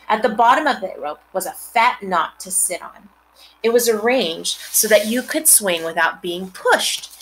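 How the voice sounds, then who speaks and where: A woman reads a storybook aloud at an ordinary middle pitch, stopping to explain things to her listeners. Faint noise runs under the recording. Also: a bit bright, low-quality recording. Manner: explains words and scenes to listeners. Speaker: mother reading aloud. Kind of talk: reading a storybook aloud with asides.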